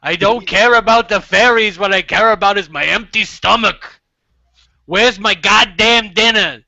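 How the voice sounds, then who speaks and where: A man voicing a grumpy husband who demands his dinner in a gruff bellow. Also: sits high, a little slow, sharp tone, dry recording, full character voice. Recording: dull lo-fi audio.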